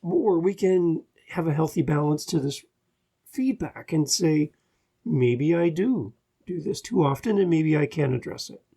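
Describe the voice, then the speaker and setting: Gravelly, dark-voiced Canadian podcast host. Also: male voice, fairly high pitch, expressive, unhurried. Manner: earnest, easygoing and self-deprecating. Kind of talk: solo podcast monologue giving advice.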